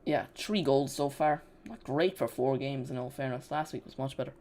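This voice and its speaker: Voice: mid-range voice, normal speed, a little mellow. A host giving rambling, casual live commentary on a football match and chatting directly to viewers. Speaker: football watch-along streamer.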